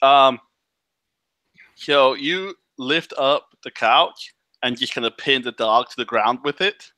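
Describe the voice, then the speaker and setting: A man's voice: mid-range voice, slow pace, pushed and bright, no room sound. A man running a tabletop game as game master, narrating casually with many fillers and laughs.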